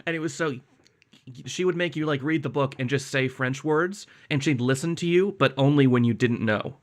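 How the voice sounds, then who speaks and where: A man's voice: medium pitch, moderate pace. A young man from Canada co-hosting a podcast in casual chat, with dry, self-mocking humor. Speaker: podcast co-host.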